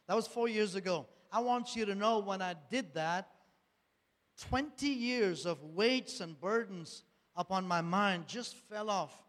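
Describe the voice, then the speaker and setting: A man's voice: high-pitched, unhurried, a bit bright. A man giving an earnest church testimony, repeating phrases and asking rhetorical questions. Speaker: speaker giving a personal testimony. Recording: long hall reverb.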